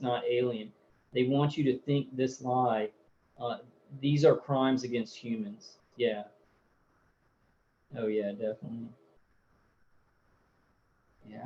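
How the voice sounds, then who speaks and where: A man's voice: medium pitch, dark tone, a little hiss or hum. Rambling man reading chat on a muffled stream. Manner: rambling, hesitant, many fillers. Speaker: livestream host reading viewer comments. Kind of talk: casual livestream chat.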